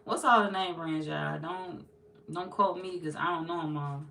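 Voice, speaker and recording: Chatty woman reading tarot, low voice. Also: a little fast, a bit bright, slight background noise. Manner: chatty, laughs often, slips into playful quoted voices. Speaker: tarot reader. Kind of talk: casual tarot reading for viewers.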